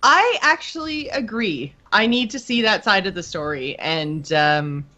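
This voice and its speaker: A woman's voice: medium pitch, lively intonation, unhurried, sharp tone. A woman co-hosting a podcast, chatting about a game in a giggly, talkative way full of likes and ums. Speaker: podcast co-host. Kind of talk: casual gaming chat. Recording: dull lo-fi sound.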